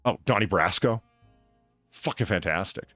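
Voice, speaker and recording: Deep-voiced man chatting loosely. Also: moderate pace, fairly bright tone, no echo, faint music behind. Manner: rambling, profane, enthusiastic. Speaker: podcast host. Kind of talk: casual chat.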